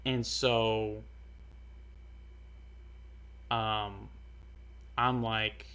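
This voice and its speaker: A young man telling a personal story in a casual, earnest way, halting often with fillers and restarts. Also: on the low side, level tone, bright, forceful tone, clean tone. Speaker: storyteller vlogger.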